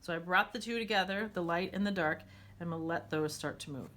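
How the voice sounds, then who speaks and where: A woman's voice: lowish voice, brisk, a bit bright. A woman teaching a watercolor demonstration, chatting and thinking aloud as she paints.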